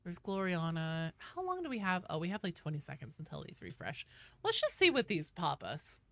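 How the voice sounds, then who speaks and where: Casting: young West Coast American woman, chatty gaming streamer, bright lively voice, dry close mic. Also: lowish voice, brisk, no room sound. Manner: chatty, rambling with fillers, swears casually. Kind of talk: casual gaming livestream chat.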